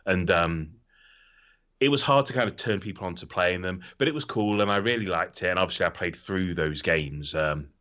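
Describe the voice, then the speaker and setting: Low, bright-voiced rambling man. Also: normal speed. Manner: rambling, swears freely, animated. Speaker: podcast co-host. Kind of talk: casual chat. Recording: slightly dull lo-fi audio.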